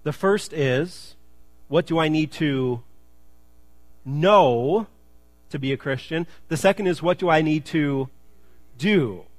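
Man pastor mid-sermon, fairly high voice, dry close sound, casual asides and emphatic refrains. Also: slow pace, long pauses, no room sound. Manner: conversational and joking, then emphatic. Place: church.

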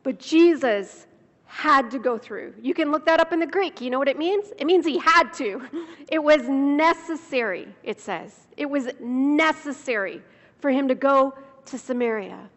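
Slow-preaching woman in a reverberant hall. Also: high-pitched, expressive, a bit bright. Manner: slow, measured preaching with drawn-out emphasis. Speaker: speaker. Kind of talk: sermon. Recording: dull sound with long hall reverb.

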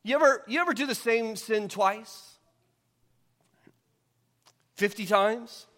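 Brief: middle-aged male pastor, high voice, conversational preaching full of questions, big reverberant church hall. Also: fairly bright tone. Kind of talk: sermon.

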